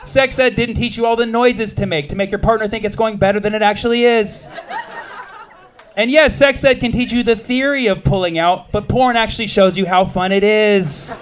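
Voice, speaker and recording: A man doing a stand-up comedy set, punchy and quick with asides and banter with the crowd. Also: sits high, steady tone. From United States. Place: comedy club stage with a live audience.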